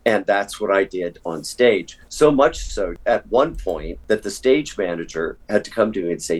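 An older man, an actor, telling stories in an interview with animated, emphatic delivery and a husky voice. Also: low-pitched, normal speed, few pauses. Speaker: stage and soap actor, guest. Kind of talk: conversational interview storytelling.

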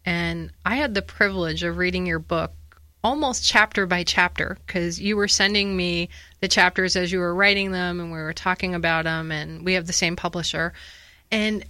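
A woman from the northern United States hosting an interview talk show, warm in her praise and enthusiastic as she asks questions. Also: fairly low pitch, dry recording.

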